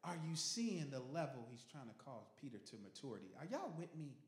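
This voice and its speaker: Animated preaching man in a roomy hall. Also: mid-range voice, brisk, very noisy. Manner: animated preaching, swinging from loud to hushed; casual slang with the congregation. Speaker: pastor. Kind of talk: sermon. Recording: roomy echo.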